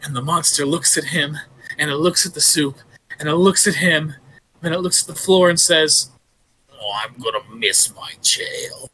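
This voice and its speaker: A man narrating a tabletop game as game master, telling a story with animated sound effects. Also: a little high, moderate pace, breathy edge, rough recording.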